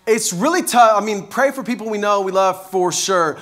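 A male pastor preaching a sermon, animated and passionate in his storytelling. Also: sits high, moderate pace.

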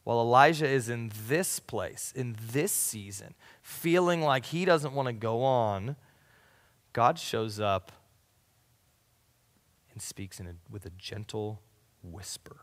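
A man preaching a casual youth sermon, his voice swinging from loud to hushed. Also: medium pitch, lively intonation, slow, pauses often, big-room sound. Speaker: youth pastor.

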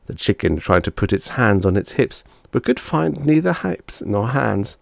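A man reads a vintage science fiction tale in a lowish voice that rises and falls freely. His storytelling is dry and even-handed. The recording is close and dead, with no room sound. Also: unhurried, creaky, few pauses, no room sound. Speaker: audiobook reader.

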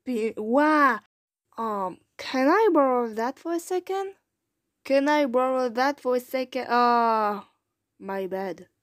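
High-voiced French woman doing audition takes. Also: animated, slow, dry recording, studio quality. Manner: retakes lines, breaks into giggles between takes. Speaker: fan voice auditioner. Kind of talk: reading voice audition lines.

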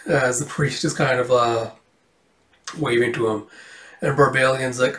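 A man's voice: mid-range voice, steady tone, moderate pace, long pauses, fairly bright tone. A man casually reading through a comic book, rambling with many fillers. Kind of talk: casual comic read-along. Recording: roomy, distant mic.

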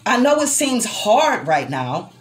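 A woman's voice: mid-range voice, sing-song, slow. A young adult woman giving an emotional tarot reading to her viewers, swearing freely and speaking tenderly to the listener. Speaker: tarot reader.

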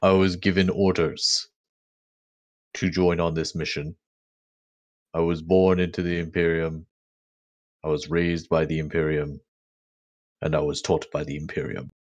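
Man doing a deep, rigid warrior officer. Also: level tone, a little slow, pauses often, highs cut off. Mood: stern. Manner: clipped, formal declarations. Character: stern male warrior officer, dutiful and rigid.

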